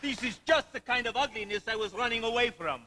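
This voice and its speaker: A teenage boy playing an earnest, heartbroken middle-aged French planter in a school stage musical. The voice is high for a man and very bright and piercing. He pleads emphatically and moves into sung lines. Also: quick pace, slight background noise. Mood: singing. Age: late teens. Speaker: student actor in a school musical. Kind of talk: amateur stage musical acting and singing.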